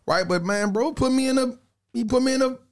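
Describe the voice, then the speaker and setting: A man in a casual podcast chat, telling stories in an animated, slangy way and repeating phrases for emphasis. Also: very high-pitched, a little fast.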